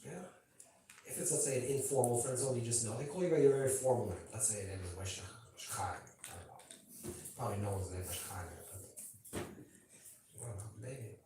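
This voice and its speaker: A man's voice: lowish voice, brisk, pauses often, warm tone, slight background noise. A man, a rabbi, giving an informal teaching talk to a gathering. He talks conversationally, keeps checking that listeners follow, and adds playful asides to the audience. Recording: very echoey room, voice from a distance.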